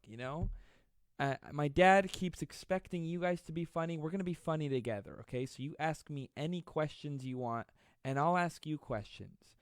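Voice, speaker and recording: A man in his twenties hosting a live stream, reading viewer comments aloud and joking with a fast, self-deprecating manner. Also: a little high, no room sound, clean studio sound. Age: 20s. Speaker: livestream host.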